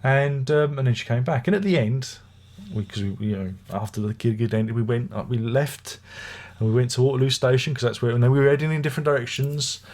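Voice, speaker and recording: A man's voice: mid-range voice, a little fast, darkish tone. A middle-aged man with a chesty, unwell voice, chatting wryly and grumbling through a casual music review. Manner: chatty, wry, grumbling anecdotes. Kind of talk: casual rambling review monologue.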